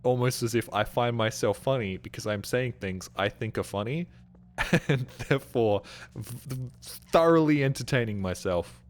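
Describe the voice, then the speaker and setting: A man's voice: medium pitch, moderate pace. A man streaming a game, chatting casually in a rambling, sweary, self-mocking way. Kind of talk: casual live-stream chat. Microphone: streaming microphone.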